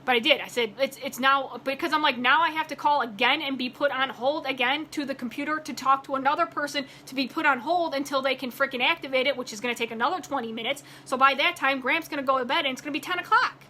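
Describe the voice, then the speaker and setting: A woman's voice: high voice, fast talker, hardly any pauses, sharp tone, a little hiss or hum. A woman vlogger telling a story in a casual rant, acting out both sides of a phone call and rising in exasperation when heated.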